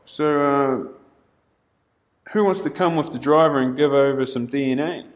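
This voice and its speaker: A man's voice: mid-range voice, a little slow, voice pushed up, close to an everyday voice. A man voicing a smarmy, falsely friendly male police officer in a mocking singsong. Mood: mocking, wheedling. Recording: roomy echo.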